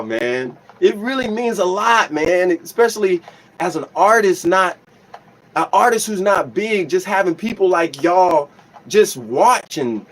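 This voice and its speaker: A young man hosting a casual livestream as a musician, reading comments aloud and thanking his viewers warmly, often restarting his sentences. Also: fairly high pitch, poor audio. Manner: reads chat aloud, grateful and emotional, many restarts.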